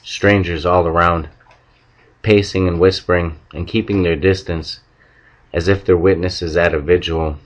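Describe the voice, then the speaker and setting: A man reading a novel aloud at a steady, measured pace. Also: sits low. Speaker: audiobook reader. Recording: dull lo-fi recording.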